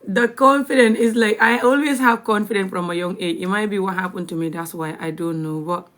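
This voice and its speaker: Brisk and fairly bright at medium pitch, a young Gambian woman talks frankly in a casual live-stream chat. Frequent laughter breaks up her speech, and at times she lowers her voice to a whisper.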